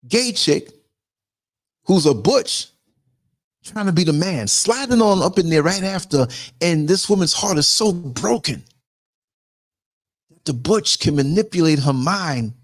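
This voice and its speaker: A man hosting a podcast, telling stories in a loose, conversational way, with quick asides to his listeners and bursts of mimicry. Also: mid-range voice, no room sound, studio quality. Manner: animated, jumps into mimicry and sound effects; conversational, frequent asides to viewers. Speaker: podcast host. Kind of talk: casual storytelling monologue.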